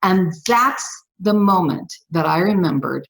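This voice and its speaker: A woman guest on a podcast, telling her own story in an emphatic, animated way and acting out the dialogue. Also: on the low side, measured pace, low-quality recording. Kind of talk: personal storytelling.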